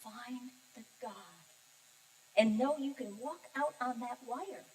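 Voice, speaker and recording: An older woman minister giving a heartfelt, personal sermon, telling her story with pauses and emotion. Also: on the high side, darkish tone, slight background noise. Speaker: guest minister. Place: church sanctuary. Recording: distant mic in a reverberant sanctuary.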